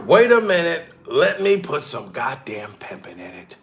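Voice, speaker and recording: A man giving a loud, rowdy, profane comedy reaction commentary, laughing and swearing as he rants. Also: a little high, wildly swooping pitch, moderate pace, creaky, few pauses.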